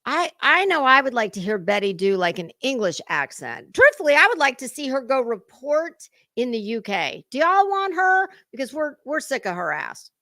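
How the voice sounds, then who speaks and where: Woman streamer roasting a clip, sarcastic and swearing a lot, kinda high voice, dead dry sound. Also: sing-song, normal speed, few pauses, pushed and bright, no echo. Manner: mocking, profane, talks to chat. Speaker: commentary livestream host. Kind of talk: sarcastic reaction commentary.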